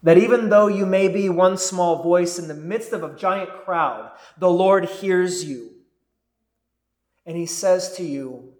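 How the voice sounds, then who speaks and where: A man preaches a sermon in a high, unhurried voice. His delivery is earnest and deliberate, building to fervent cries. The sound rings with the echo of a church room. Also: a little mellow. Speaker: pastor.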